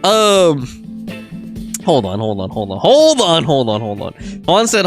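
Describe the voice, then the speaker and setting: Lively young man streaming a game. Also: fairly high pitch, measured pace, faint music behind. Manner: animated, laughs often, reads game text and chat aloud. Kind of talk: casual live-stream commentary.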